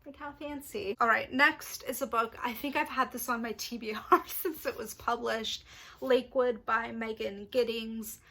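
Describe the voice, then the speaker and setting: A young woman chatting casually to camera about books she plans to read, excitable and quick to apologise. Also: fairly high pitch. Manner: chatty, excitable, apologetic asides, laughs often. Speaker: book vlogger. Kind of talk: casual book chat to camera.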